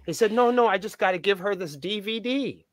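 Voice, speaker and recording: In a casual podcast interview, a man who serves as a band's point of contact tells stories, swearing freely and acting out the dialogue with animation. His voice is high-pitched and brisk.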